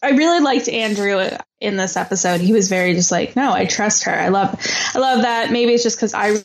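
A woman's voice: medium pitch, brisk. Woman podcast co-host, casual chat, playful and chatty, faint background hiss.

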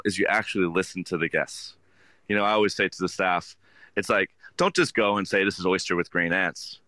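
A man, a restaurant owner, talking earnestly in an interview, halting with many restarts. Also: fairly low pitch, pushed and bright, no room sound. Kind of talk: casual interview talk.

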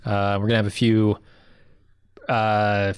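A man co-hosting a podcast in casual chat, animated and excitable, swearing now and then. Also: fairly low pitch, slow pace, smooth, no echo, studio quality. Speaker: podcast co-host.

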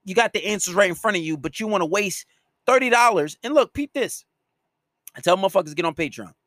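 A man's voice: high-pitched, animated, fast, fairly bright tone, no echo, studio quality. A man hosting a solo podcast, ranting at his listeners in a scolding, profanity-heavy way. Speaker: podcast host and dating coach.

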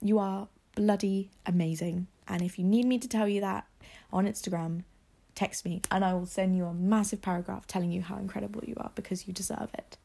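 A young woman records her podcast on a phone perched on her laptop desk. Her voice has a gravelly fry to it, and she sounds close to tears as she urges listeners on. She speaks with earnest, emotional sincerity. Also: mid-range voice, fairly even intonation, a little fast, warm tone. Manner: emotional, tearful encouragement. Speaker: podcast host. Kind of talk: heartfelt solo podcast talk. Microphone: phone propped on a laptop desk.

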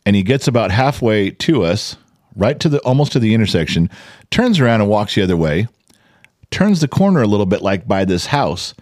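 A man tells a story on a podcast in a low voice that swings widely in pitch. He curses freely and acts out what others said. The sound is dry and close. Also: a little fast, no echo. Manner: animated, profane, acts out quotes loudly. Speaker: podcast co-host. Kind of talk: casual storytelling chat.

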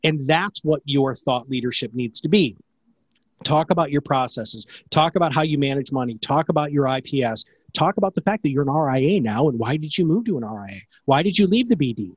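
A man who runs a podcast production company, answering interview questions in a fast, enthusiastic, salesy way. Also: medium pitch, expressive, slightly rough, no echo, lo-fi sound.

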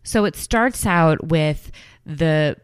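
A woman hosting a podcast, recapping reality television in an animated, gossipy way and acting out the cast members' quoted lines. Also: deep voice, drawn-out words, clean tone, no room sound, studio quality. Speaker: podcast host.

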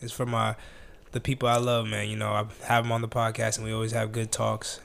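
A man's voice: on the low side, completely flat delivery, brisk, creaky, a bit bright. A young man hosting a casual podcast, chatting in a laid-back slangy way and laughing often. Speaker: podcast host. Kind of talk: casual chat.

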